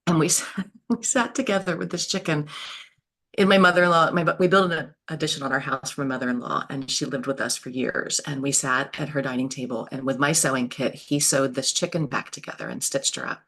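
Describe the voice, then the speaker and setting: A woman, telling homestead stories in a lively, animated way as an interview guest. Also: sits low, fairly quick. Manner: lively, animated storyteller with frequent laughs. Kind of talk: storytelling in an interview.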